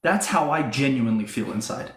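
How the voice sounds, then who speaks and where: A man's voice: mid-range voice, expressive, fairly quick. A man speaking as an activist, giving an impassioned, bitter and mocking speech. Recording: echoey room.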